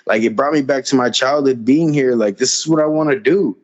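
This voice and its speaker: Male podcast guest, casual rambling storyteller who acts out dialogue, average pitch, muffled lo-fi mic. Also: fairly quick. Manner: rambling, repeats phrases, acts out quoted dialogue. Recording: slightly dull lo-fi audio.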